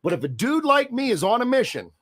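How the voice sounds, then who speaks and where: A man's voice: very high voice, very animated, quick pace, fairly bright tone. A man in casual podcast banter, blunt and opinionated, often restarting his sentences.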